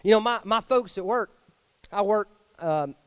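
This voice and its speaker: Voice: mid-range voice, measured pace, clean tone, no room sound. A preacher delivering an emphatic Sunday sermon in church and acting out the lines they quote. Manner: animated, emphatic, acts out quotes. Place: church sanctuary.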